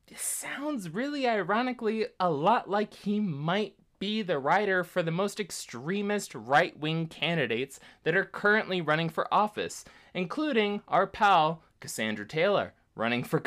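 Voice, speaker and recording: Low-voiced woman with blunt commentary. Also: a bit bright. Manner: blunt, sarcastic, swears freely. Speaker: podcast host. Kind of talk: casual conversational commentary.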